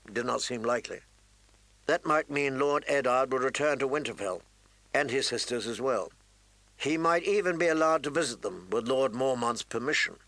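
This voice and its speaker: A man narrating a fantasy audiobook in a measured, even storytelling manner. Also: mid-range voice, gravelly, dry recording, low-quality recording.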